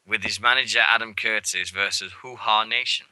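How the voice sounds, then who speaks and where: A man co-hosting a wrestling radio show, chatting casually and excitably, swearing and acting out moments. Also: lowish voice, normal speed, dry recording, poor audio. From England. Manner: rambling and excitable, swears freely, acts out moments. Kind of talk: casual show recap chat. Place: radio studio.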